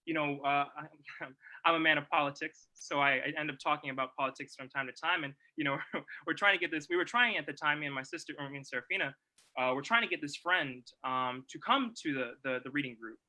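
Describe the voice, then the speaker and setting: A young man giving a reflective presentation, talking in a halting, thoughtful way with many pauses and restarts. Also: a little high, bright, forceful tone, low-quality recording. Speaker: presenter at a livestreamed celebration.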